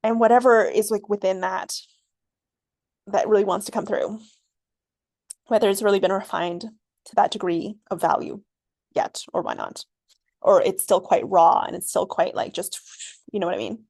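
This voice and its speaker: A woman's voice: medium pitch, normal speed, gravelly, pauses often, a little mellow, no room sound. Rambling woman podcaster, dry sound. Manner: rambling, filler-heavy, laughs often. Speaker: podcast host. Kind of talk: reflective solo podcast monologue.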